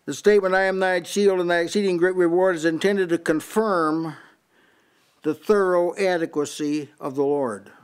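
An older man delivers a Bible-study sermon to a small house-church group. His voice sits a little high, and he stumbles over repeated words as he reads out scripture. He compares one version after another. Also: fairly even intonation, normal speed, clean tone. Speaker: preacher.

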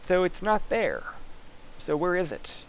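A man instructor talking casually through a screen-recorded software lab, thinking aloud as he clicks through each step. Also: high-pitched, sing-song, measured pace, slight background noise, poor audio.

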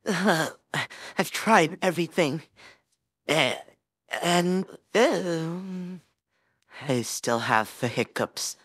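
A woman's voice: lowish voice, drawn-out words, long pauses, husky, no echo, studio quality, heavily acted. A woman voicing a flustered teenage boy hero-in-training, rambling anxiously and talking himself up in a listener role-play. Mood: pleading. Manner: rambling, anxious, self-encouraging.

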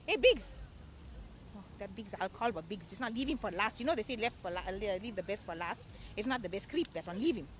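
A woman playing a loud, bossy middle-aged aunty who hosts her own show, chatting and teasing, outdoors at a beach. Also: medium pitch, expressive, a little fast, a little hiss or hum, lightly acted. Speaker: show host.

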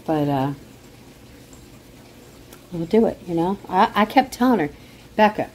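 A woman's voice: fairly low pitch, animated, unhurried, slight background noise, poor audio. A middle-aged woman vlogging at home on her phone, chatting casually, rambling, emotional and indignant. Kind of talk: casual chat to camera.

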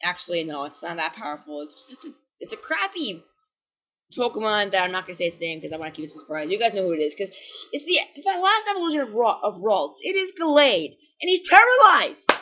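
Young man rambling excitedly over gameplay. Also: sits high, quick pace, lo-fi sound. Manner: excitable, rambling, many fillers and self-corrections; prone to sudden voice cracks. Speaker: game walkthrough commentator. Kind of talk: casual gameplay commentary.

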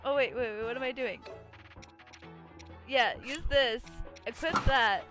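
Young woman gaming on stream, high squeaky voice, giggly, game music under it. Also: measured pace, fairly bright tone. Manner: chatty, giggly, talks to enemies in a baby voice. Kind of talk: live gameplay commentary.

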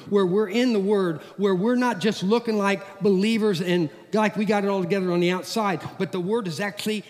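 A middle-aged pastor preaching in a church sanctuary, his voice sitting a little high for a man. He talks in a folksy, animated way, swinging from lively to hushed, and the long reverb of the hall trails after his words. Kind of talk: sermon.

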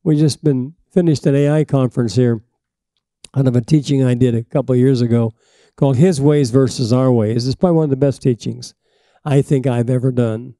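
A man's voice: mid-range voice, no echo. An older man preaching a sermon, emphatic and repetitive, with a frog in his throat and frequent coughs. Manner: emphatic, rising to forceful peaks then dropping to asides. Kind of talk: sermon teaching.

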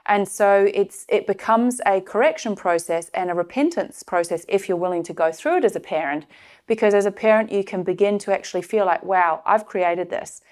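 A woman's voice: medium pitch, brisk, darkish tone. A middle-aged woman giving a personal, confessional teaching talk, with many fillers and restarts. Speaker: course presenter sharing a personal case study.

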